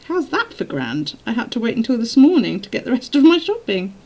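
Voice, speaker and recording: A woman's voice: fairly high pitch, sing-song, brisk, a little mellow, rough recording. A woman chatting casually on a live stream while journaling, telling stories and laughing often.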